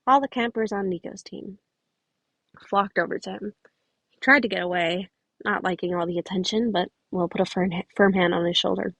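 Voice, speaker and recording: A podfic reader works through a fan story on a close home microphone, often tripping over words, starting lines again and pausing for chatty side comments. She speaks at a normal speed in a mid-range, fairly even voice that is gravelly and a bit bright. There's no room echo at all.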